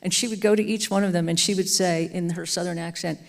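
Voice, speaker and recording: Woman asking questions with a gravelly edge. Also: on the low side, steady tone, fast. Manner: thoughtful, searching questions with restarts. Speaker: interviewer. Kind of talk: onstage conversation. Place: auditorium stage.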